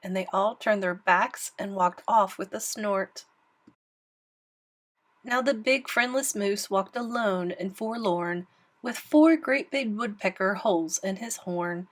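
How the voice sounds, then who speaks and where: Slow, expressive woman reading aloud. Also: medium pitch. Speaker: storybook reader. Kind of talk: reading a rhyming picture book aloud.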